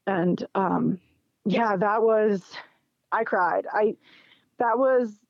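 Speaking very slowly in a creaky, mid-range voice, a middle-aged interview guest shares a personal story in casual chat. She brings quoted dialogue to life with laughs and animation. The dull, dry, lo-fi recording carries no room sound.

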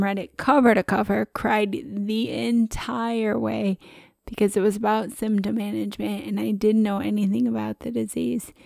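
A woman co-host talking in a chatty, animated way, often breaking into laughter. Her voice has a noticeable gravelly fry. The sound is dry and close to the mic. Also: mid-range voice, no room sound. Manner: chatty and expressive, with frequent laughs. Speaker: podcast co-host. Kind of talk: casual conversation.

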